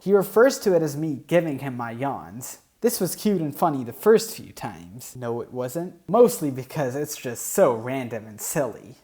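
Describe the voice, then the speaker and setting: A man's voice: mid-range voice, darkish tone. A man who comments on the online posts he reads aloud, with dry, sarcastic asides. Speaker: YouTube commentator.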